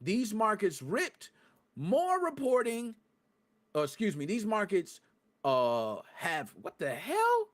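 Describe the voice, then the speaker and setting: A man with a high, bouncy voice hosts a live gaming podcast and chats straight to his viewers. He jumps from quiet mumbles to loud, excited outbursts and curses freely as he rants. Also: takes it slowly. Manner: talks to live chat viewers. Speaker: podcast host.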